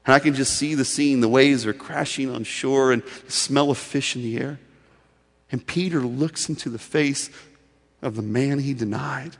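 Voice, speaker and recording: A male pastor preaching a sermon in a storytelling way, swinging from loud emphasis to soft, intimate delivery. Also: medium pitch, moderate pace, long reverb tail.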